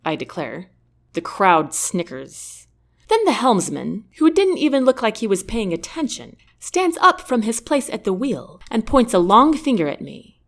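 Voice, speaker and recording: A woman narrating a first-person novel as an audiobook, with an expressive, character-driven delivery. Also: mid-range voice, unhurried.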